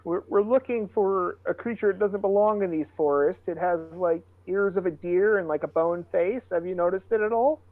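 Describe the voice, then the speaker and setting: A man's voice: high voice, moderate pace, hardly any pauses, dry recording, phone-quality sound. A man playing a friendly, diplomatic character in a tabletop game over call audio. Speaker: player. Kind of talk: in-character tabletop role-play.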